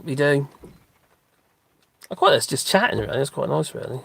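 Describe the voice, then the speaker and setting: Gravelly man rambling on a walk. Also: mid-range voice, lively intonation, a little fast, dry recording. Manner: chatty and rambling, with many restarts and fillers. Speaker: live-stream host. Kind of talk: rambling casual live-stream chat. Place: outdoors on a dog walk.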